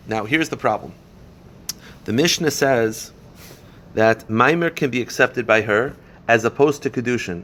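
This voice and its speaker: Rabbi teaching a Talmud class. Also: male voice, medium pitch, fairly bright tone, a little hiss or hum. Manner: explains step by step, poses and answers questions; reads Aramaic passages quickly, then translates.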